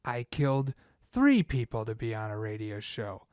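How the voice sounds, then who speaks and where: An actor playing an obsessive male caller who turned killer in a comedy audio drama, speaking calmly and matter-of-factly. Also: lowish voice, normal speed, no room sound, clean studio sound. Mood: calmly confessing. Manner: calm, matter-of-fact confession.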